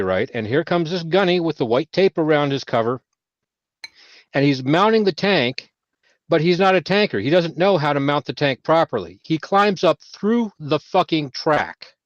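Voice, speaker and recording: A man on a veterans' panel telling a service story in casual chat, swearing freely and getting loud when he quotes himself. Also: a little high, lively intonation, moderate pace, no echo. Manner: heavy profanity, loud bursts when quoting himself. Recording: dull lo-fi audio.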